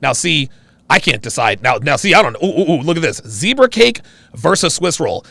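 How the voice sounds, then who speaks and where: A man hosting a casual live-stream chat, reacting excitedly with loud exclamations. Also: on the high side, brisk, gravelly, dry recording.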